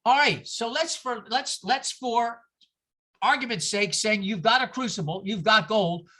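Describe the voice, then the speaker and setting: A woman giving a lively, sarcastic talk, acting out voices with exaggerated outbursts as she teaches. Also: on the high side, unhurried. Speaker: speaker giving a talk on scripture. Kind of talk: lively lecture.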